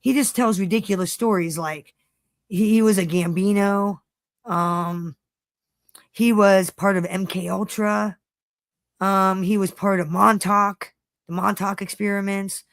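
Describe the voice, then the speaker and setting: A woman's voice: medium pitch, a little slow, no room sound, studio quality. A woman co-hosting a casual chat, swearing freely and telling stories with lots of energy. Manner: profane, animated storytelling. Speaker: co-host.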